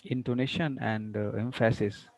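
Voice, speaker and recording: A man teaching a class online through a computer mic, unhurried, often repeating words as he plans what to say. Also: mid-range voice, steady tone, dry recording. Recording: dull lo-fi sound.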